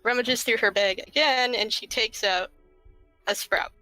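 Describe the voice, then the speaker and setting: Bright-voiced woman game master. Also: on the high side, unhurried, faint music behind, rough recording. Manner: hesitant, with fillers. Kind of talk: narrating a tabletop game.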